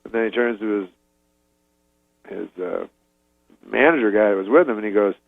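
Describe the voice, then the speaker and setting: A man doing a rambling deadpan comic storyteller. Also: fairly low pitch, normal speed, creaky, no echo. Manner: rambling, deadpan, many fillers and restarts. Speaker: comedian telling a story on a podcast. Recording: dull lo-fi audio.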